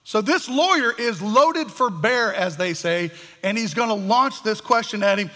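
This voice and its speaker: A man preaching a sermon as pastor, animated and acting out the voices of the people in the story. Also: high-pitched, measured pace. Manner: animated, acts out voices of biblical figures. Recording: echoey hall.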